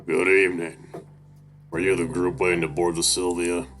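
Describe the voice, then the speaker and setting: Guy doing huge posh horse dude, deep rich voice, stiff and formal, music going loud behind. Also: level tone, normal speed. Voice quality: rich, deep, cut-glass posh delivery. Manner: formal, clipped and unsmiling. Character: huge posh stallion expedition leader, stern.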